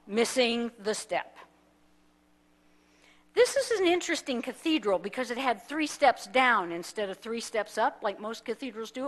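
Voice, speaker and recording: Woman minister telling a story in a sermon. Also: on the high side. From United States. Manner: animated storytelling, acting out the people in it. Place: church sanctuary.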